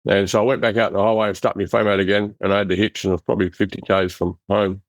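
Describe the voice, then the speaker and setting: A middle-aged Australian man telling his life story in an interview, in a rough, blunt, animated way, acting out the voices of people he quotes. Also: on the low side, quick pace, no room sound. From Western Australia. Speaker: interview guest. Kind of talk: casual storytelling.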